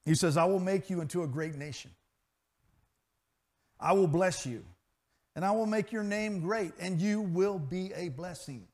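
A man preaching a sermon, swinging between loud emphatic peaks and quiet asides. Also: high voice, a little slow, long pauses. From grew up in a pastor's family.

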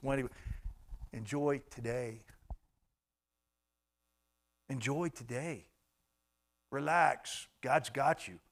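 A pastor preaching a sermon, emphatic and repetitive as he exhorts his congregation. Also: medium pitch.

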